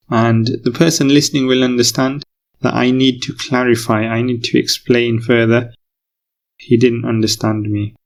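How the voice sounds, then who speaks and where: Male English teacher, patient, repeats himself, gravelly mid-pitched voice. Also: little pitch movement, moderate pace. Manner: patient, repeats key phrases. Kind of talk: recorded lesson explanation.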